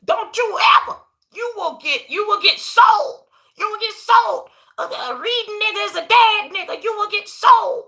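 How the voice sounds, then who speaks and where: A woman voicing a frightened, furious parent who yells warnings in a high, strained voice. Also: moderate pace, vocal fry, heavily acted. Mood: frantic. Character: frantic scolding parent, terrified and furious.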